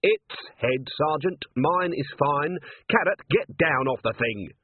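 A man's voice: fairly high pitch, animated, slow pace, husky, no echo, voice pushed up, full character voice. A man as a weary watch commander. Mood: commanding. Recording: tinny phone-like sound.

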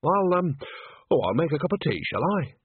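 A man's voice: a little high, big pitch swings, moderate pace, breathy edge, dry recording, voice pushed up, full character voice. A male reader voicing a cheerful, chatty old village witch woman who talks in a rustic folksy way and turns flustered and evasive. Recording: dry tinny narrow-band audio.

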